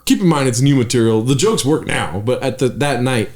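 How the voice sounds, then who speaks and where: A man, a podcast co-host and stand-up comic, telling a story in casual chat, animated and swearing, with fillers and trailing sentences. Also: mid-range voice, a little fast.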